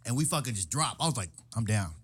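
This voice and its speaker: A man's voice: medium pitch, lively intonation, very fast, breathy edge. A man in casual chat, telling a story with lots of swearing and acting out the quoted lines. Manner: profane storytelling, acts out quotes loudly.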